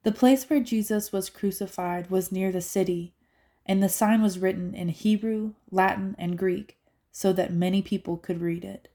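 Woman, scripture reader, scripted narration, steady, clear, mid pitch. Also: moderate pace.

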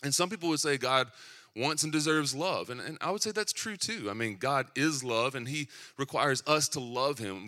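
A man's voice: mid-range voice, sharp tone. A young man from Tennessee with a Southern accent, preaching a sermon that opens with a self-deprecating personal story told in a conversational way. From Southeastern United States.

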